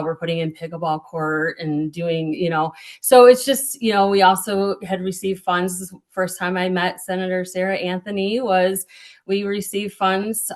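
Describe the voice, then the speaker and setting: A woman serving as a small-town mayor, speaking at a town hall with a slightly low voice. She is earnest and a bit halting, dropping in ums and correcting herself as she goes. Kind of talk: prepared remarks at a town hall.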